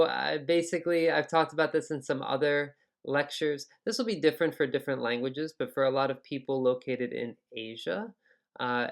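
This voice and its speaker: A man, teaching a relaxed, chatty spoken lesson with plenty of fillers and pronunciation demonstrations. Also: mid-range voice. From New York area, USA. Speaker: English teacher.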